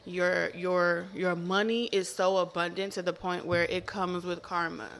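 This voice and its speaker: A woman giving a casual tarot reading to camera, animated and profane, repeating herself with laughing asides. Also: fairly low pitch, measured pace. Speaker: tarot reader.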